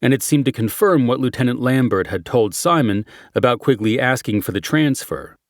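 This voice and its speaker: A man narrating a crime thriller audiobook in a measured, steady reading. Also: mid-range voice, no room sound, clean studio sound. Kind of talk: scripted narration.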